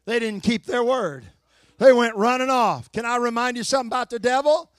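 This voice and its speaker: An older man preaches in a strikingly high voice, folksy and plainspoken. He swings between fervent, shouted exhortation and low, slow storytelling. The sound is dry and close, with no room echo. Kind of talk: sermon.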